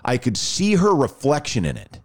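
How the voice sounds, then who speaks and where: A man telling a long story in casual chat, animated and full of restarts. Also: mid-range voice, moderate pace.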